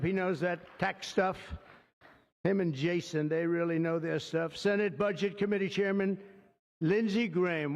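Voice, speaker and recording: A man giving an off-the-cuff ceremonial speech as a political leader, rambling and digressive, piling on superlatives. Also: sits high. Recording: dull lo-fi sound with long hall reverb.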